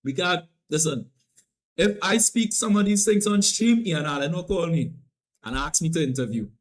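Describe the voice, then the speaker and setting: A man's voice: fairly high pitch, animated, moderate pace. Playful Trinidadian man streaming. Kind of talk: casual live-stream chat.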